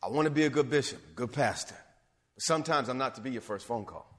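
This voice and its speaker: A man preaching a sermon as a pastor, swinging from low, quiet passages up to loud, emphatic calls. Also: quick pace. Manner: animated preaching, rising to near-shouts and dropping low. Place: church sanctuary. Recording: long hall reverb.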